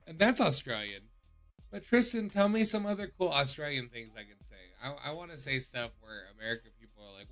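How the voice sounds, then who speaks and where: A man hosting a call-in stream in loose, joking, profane chat. His voice is bright, and his pitch swings widely from line to line. Faint music plays behind him. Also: animated, a little fast. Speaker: call-in show host.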